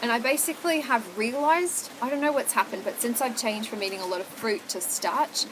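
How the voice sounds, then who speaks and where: A woman's voice: on the high side, a little fast, noisy background. Chatty young woman vlogging candidly. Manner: chatty and confessional, frequent "like" and "oh my God". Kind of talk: candid casual chat to camera. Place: at home.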